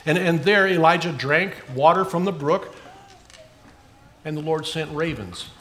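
A man preaching a sermon in an earnest way, rising for emphasis and dropping soft at the ends of phrases. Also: fairly high pitch, measured pace.

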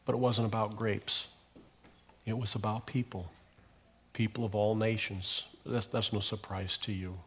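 A male pastor preaching a sermon in a church, telling a story and pressing hard on key phrases before dropping low at the ends. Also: level tone, unhurried.

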